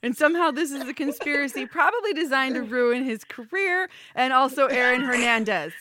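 Bright-voiced woman hosting a chat show. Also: high voice, lively intonation, fairly quick. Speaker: podcast host. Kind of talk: casual panel chat.

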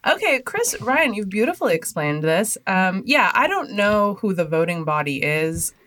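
A woman's voice: mid-range voice, sing-song, moderate pace, a bit bright. A woman hosting a music podcast, chatting casually, laughing often and rambling with lots of "like"s. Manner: giggly, rambling with many "like"s. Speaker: podcast host. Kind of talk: casual chat.

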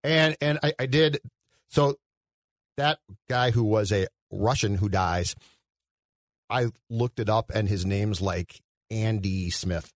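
A man's voice: fairly low pitch, slow pace, pauses often, dry recording, studio quality. A man co-hosting a casual movie podcast, nitpicking scenes with wry sarcasm and lots of "like". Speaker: podcast co-host. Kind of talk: casual movie review chat.

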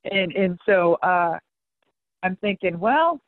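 A middle-aged woman, a monster truck driver, telling a story as an interview guest, animated and profane, acting out both sides of conversations. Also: medium pitch, normal speed, dry recording. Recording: tinny, dry phone-like line.

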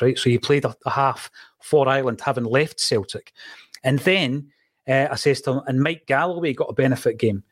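A man's voice: medium pitch, no echo, clean studio sound. Man hosting football chat. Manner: chatty, tells anecdotes. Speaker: podcast host.

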